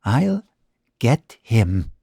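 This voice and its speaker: Guy putting on a soft-drawling killer cowboy, slow and cold, dry sound. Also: medium pitch, big pitch swings, vocal fry, no echo, full character voice. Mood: brooding. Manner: mild drawl. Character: cold young male outlaw, mild drawl.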